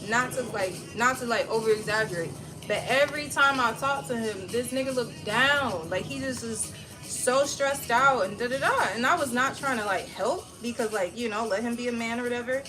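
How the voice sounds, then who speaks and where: A woman in her thirties, a livestream host, venting to her viewers in casual, blunt, animated talk with plenty of swearing. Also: a little high, normal speed, over music, poor audio. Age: 30s.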